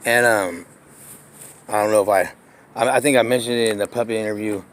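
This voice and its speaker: Steady and fairly quick, his low-leaning voice is a bit bright against slight background noise. The buzzed man walks an outdoor neighborhood street and alleyway where he once lived, laughing a lot as he rambles profane stories into his handheld phone.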